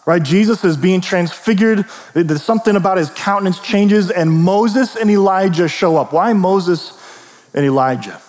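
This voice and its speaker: A man preaching a sermon as pastor, casual and storytelling, tossing in quick asides and questions to the listeners. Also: high voice, darkish tone. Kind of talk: conversational sermon. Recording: long reverb of a large hall.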